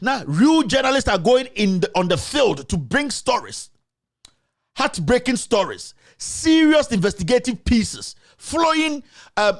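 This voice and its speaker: Animated man, high lively voice. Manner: animated, mocking, mixing English with Twi. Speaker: host of a commentary show. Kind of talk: live commentary.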